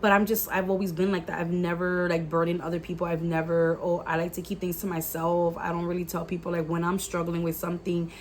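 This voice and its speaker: A woman's voice: fairly low pitch, level tone, fast, hardly any pauses, slight background noise. A young adult woman telling a personal story to her viewers in a casual, chatty way, full of "like" and "guys". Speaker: YouTuber telling a personal testimony.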